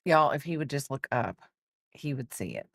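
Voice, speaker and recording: Low-voiced woman chatting to her dog. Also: lively intonation, normal speed, gravelly, dry recording, clean studio sound. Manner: teasing, doting talk to her dog; rambling with restarts. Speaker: crochet streamer. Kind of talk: casual chat while crocheting.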